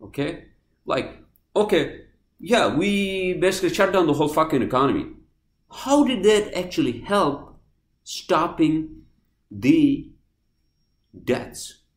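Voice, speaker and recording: A man hosting a podcast, ranting angrily and swearing, swinging from loud outbursts to quiet apologies. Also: fairly high pitch, lively intonation, slow pace, long pauses, reverberant. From New Jersey, US. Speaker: podcast host. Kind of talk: heated podcast rant.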